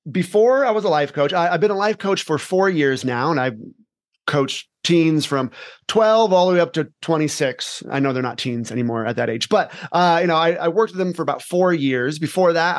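A man who coaches teens, telling stories in an animated, energetic way in a casual podcast interview. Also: on the high side, no echo, clean studio sound. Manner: animated, energetic storyteller who acts out scenes. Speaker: teen life coach.

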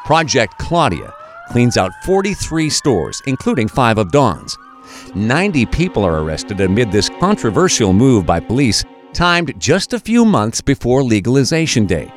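A man giving scripted documentary narration in a measured, expressive storytelling manner. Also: mid-range voice, faint music behind.

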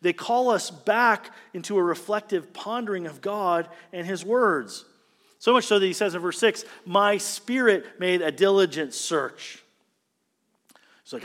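A man preaches a sermon in a fairly high voice, his pitch and volume climbing whenever he stresses a point. He sounds earnest and direct. The sound rings with the long reverb of a church hall. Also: expressive, measured pace, fairly bright tone. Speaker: pastor.

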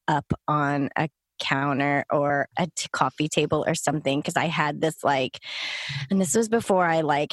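A woman's voice: low voice, dry recording. A woman co-hosting a podcast, chatting casually, laughing often and adding playful asides. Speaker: podcast co-host, lactation consultant. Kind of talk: casual chat.

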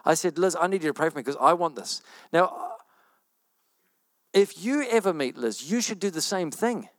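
A man preaching a sermon as a pastor, telling a story in an animated way, often repeating phrases and rushing through quoted speech. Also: a little high, no room sound.

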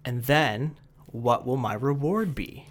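A man doing a calm, content fisherman. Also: medium pitch, slow pace. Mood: mild. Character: calm, content fisherman asking simple questions.

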